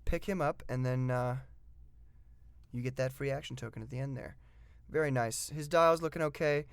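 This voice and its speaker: A man talks through his favorite tabletop game pieces in a relaxed, excited way, full of ums and uhs. He reads the rules aloud, then chimes in with his own take. His voice sits at a middle pitch, and the recording is dry, with no room sound. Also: normal speed, clear, resonant tone, no room sound. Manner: chatty and enthusiastic, with frequent fillers. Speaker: tabletop miniatures game reviewer. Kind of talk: casual hobby review.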